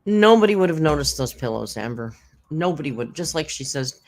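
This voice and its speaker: A woman's voice: low voice, lively intonation, brisk. A woman hosting a reaction commentary, sarcastic and blunt, swearing freely. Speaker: commentary channel host.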